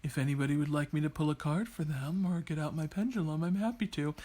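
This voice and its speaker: An eerie female psychic, as a woman puts her on, murmurs in a low, breathy near-whisper that sits well below her normal voice. She is slow and solemn, playing up the spookiness as if every word were an omen. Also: warm tone. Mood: spooky. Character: eerie, self-serious female online psychic.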